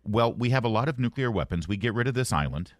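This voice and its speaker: A man's voice: mid-range voice, animated, fast, dry recording. A man hosting a morning talk radio show, reading news items with wry jokes in a studio. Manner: wry, joking, reads news items aloud. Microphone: studio mic.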